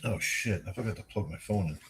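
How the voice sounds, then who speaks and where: A man's voice: fairly low pitch, fairly quick, a bit bright, a little hiss or hum. A tired older man hosting a rambling, profane late-night livestream, chatting loosely with his viewers and yawning. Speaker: livestream host.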